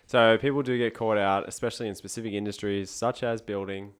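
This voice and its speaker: A man's voice: fairly low pitch, fairly even intonation, fairly quick, clear, resonant tone. A man with an Australian accent co-hosting a podcast, chatty and joking, often laughing. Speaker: podcast co-host. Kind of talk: casual podcast chat.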